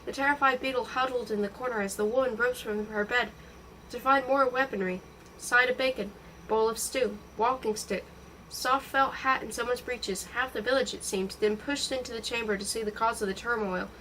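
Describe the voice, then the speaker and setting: A woman reading a novel aloud in a steady, expressive storytelling voice. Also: fairly high pitch, normal speed, distant mic, a little hiss or hum, rough recording. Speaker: audiobook reader.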